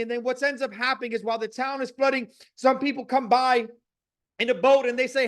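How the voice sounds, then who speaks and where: Very high-voiced male motivational speaker. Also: level tone, brisk. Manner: preachy, emphatic, repetitive. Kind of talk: motivational speech with storytelling.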